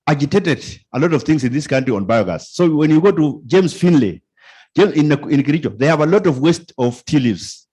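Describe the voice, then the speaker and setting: Kenyan guy at a conference, husky voice, kinda high, keeps asking the crowd stuff. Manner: animated, asks the audience questions, repeats phrases. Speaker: conference speaker. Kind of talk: informal conference talk.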